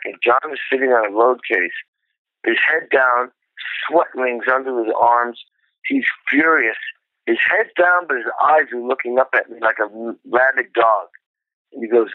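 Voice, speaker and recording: A middle-aged man, a drummer, telling an animated, profane story about his early career. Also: medium pitch, normal speed, dry recording. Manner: animated, profane, acts out quotes. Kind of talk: storytelling interview. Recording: tinny phone-like line.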